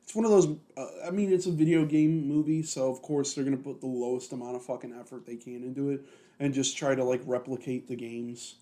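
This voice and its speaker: Young dude on a podcast, swears every other word, lots of uh and like, mid-pitched voice. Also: male voice, steady tone, fairly quick, warm tone. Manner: rambling, heavy swearing, lots of fillers. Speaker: podcast co-host. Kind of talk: casual chat.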